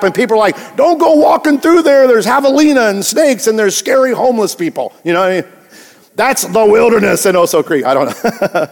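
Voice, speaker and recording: A man's voice: high voice, long reverb tail. A man preaching a sermon in a casual, conversational way, stressing and repeating key words. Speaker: pastor.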